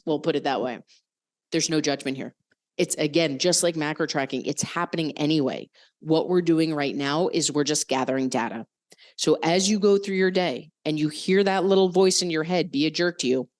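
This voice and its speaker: A woman's voice: deep voice, fairly quick. A young adult woman hosting a coaching podcast, talking frankly and swearing casually as she explains mindset exercises. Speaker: podcast host and fitness coach.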